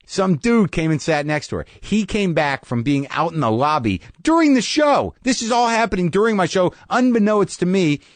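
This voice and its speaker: A middle-aged man hosting a podcast, telling a profane, wry story in a casual monologue and breaking into high mocking yelps now and then. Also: no echo. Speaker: podcast host.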